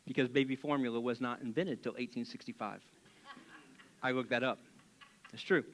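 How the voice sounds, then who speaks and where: A man's voice: mid-range voice, moderate pace, slight background noise. A man preaching as a pastor in a church, telling a Bible story casually with jokes and acted-out voices. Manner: animated, joking, acts out voices.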